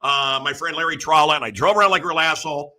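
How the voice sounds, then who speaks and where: A middle-aged radio host from the Chicago area speaks quickly in a slightly high, sharp-toned voice. He rambles through opinionated stories in a casual monologue, acting out the voices of the people he quotes.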